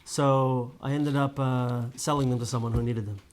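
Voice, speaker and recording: Animated man teaching a casual Torah class. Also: mid-range voice, moderate pace. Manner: lively storyteller, many restarts and "right?" tags.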